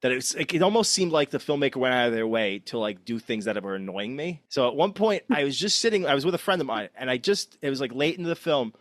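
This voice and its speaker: A man's voice: medium pitch, big pitch swings, fast talker, hardly any pauses, a bit bright, dry recording. A man, a podcast co-host, chatting casually and telling a story with laughs. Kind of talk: casual chat.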